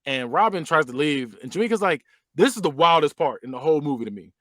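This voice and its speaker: Animated, laughing podcast host. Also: male voice, on the high side, fast, no echo. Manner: animated retelling, laughs often, slangy. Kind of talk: casual movie review chat.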